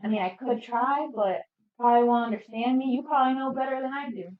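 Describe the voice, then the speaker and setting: A woman with a fairly high voice plays her character in a tabletop game, talking in a chatty, hesitant way. Her sound is echoey and a little muffled. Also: fast talker. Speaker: player.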